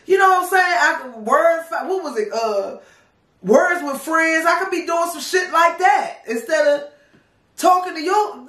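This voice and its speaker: A woman in her thirties from the Washington DC area, telling a personal story in a casual, profane, animated and wry way. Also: very high voice, measured pace. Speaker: storytime vlogger. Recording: roomy sound, distant from mic.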